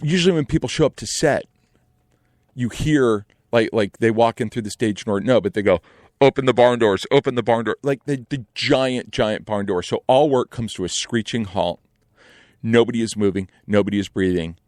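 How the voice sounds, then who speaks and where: A young adult man telling a casual story in an animated way, acting out other people's lines. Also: lowish voice, moderate pace, dry recording, clean studio sound.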